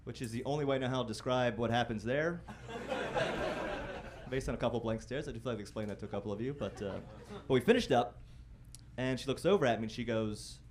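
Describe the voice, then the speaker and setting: A young man works a comedy club stage with a wry, self-deprecating delivery. His voice sits at an everyday middle pitch, and now and then he jumps into loud mock-singing or shouted impressions. A faint murmur of the club hangs behind him. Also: fast, noisy background. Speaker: stand-up comedian. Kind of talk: stand-up set. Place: comedy club stage before a live audience.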